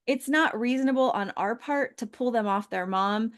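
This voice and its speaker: A woman's voice: fairly high pitch, normal speed. A woman pig breeder chatting casually and enthusiastically, often agreeing. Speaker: pig breeder, podcast host. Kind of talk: casual chat.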